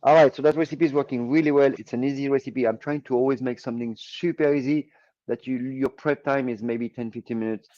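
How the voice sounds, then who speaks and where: A man's voice: medium pitch, steady tone, brisk, mellow, highs cut off. A man with a French accent, a chef co-hosting a casual cooking chat, talking loosely with lots of fillers. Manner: chatty, explains steps plainly with many fillers. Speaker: chef and co-host.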